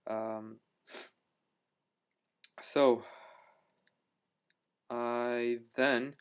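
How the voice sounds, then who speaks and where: A man records a casual video diary, talking to the camera about his travels. His voice is smooth and clear and sits at an ordinary middle pitch. He rambles enthusiastically, stopping and restarting his sentences and filling the gaps with "uh" and "you know.". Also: fairly even intonation, drawn-out words. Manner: rambling, full of fillers and restarts; enthusiastic storyteller. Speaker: travel vlogger.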